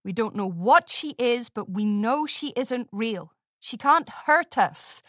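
A woman's voice: a little high, animated, slow pace, a bit bright, no echo. A woman doing a firm young pony leader. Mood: urgent. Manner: firm, commanding. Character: take-charge young mare pony, firm. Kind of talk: storybook reading.

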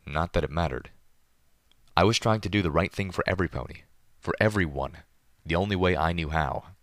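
A man narrating a story in first person in a measured, deliberate manner. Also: low-pitched, a bit bright, dry recording, clean studio sound. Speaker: audiobook narrator.

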